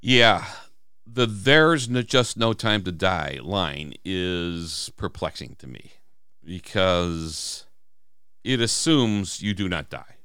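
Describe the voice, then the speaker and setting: A man's voice: sits low, animated, slow pace, sharp tone, clean tone, no room sound, studio quality. A man co-hosting a podcast, talking through song lyrics in casual, emphatic chat and acting out quoted lines. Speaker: podcast co-host.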